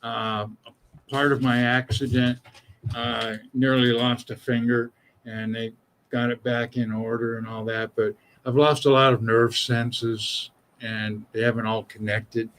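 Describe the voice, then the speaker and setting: An older man, a guest on a talk show, telling stories in a relaxed, rambling way with lots of fillers. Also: mid-range voice, a little hiss or hum, rough recording. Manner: slow, rambling storytelling with many fillers. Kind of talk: casual chat.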